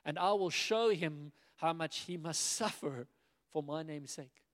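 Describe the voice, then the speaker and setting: A man preaching a sermon in a lively way, acting out the dialogue of biblical figures as he retells the stories. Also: fairly high pitch, unhurried. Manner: animated, acts out biblical dialogue in quoted voices. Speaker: pastor. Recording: long hall reverb.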